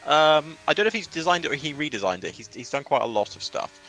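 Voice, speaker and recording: Bright lively male race commentator. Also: on the high side, fast, soft background music. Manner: chatty, self-mocking, rambling asides.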